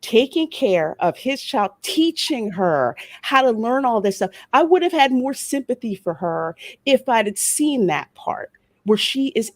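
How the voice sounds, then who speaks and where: A woman's voice: medium pitch, no room sound. A woman panelist with a Louisiana Creole accent in a heated discussion, speaking emphatically and sarcastically with building indignation.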